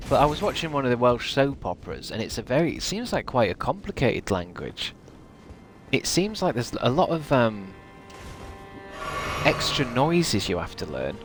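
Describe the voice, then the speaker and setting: A man's voice: mid-range voice, sing-song, normal speed, over music. A man live-streaming a game, chatting casually and rambling while swearing at what happens on screen. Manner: rambling, sweary, reacting to gameplay.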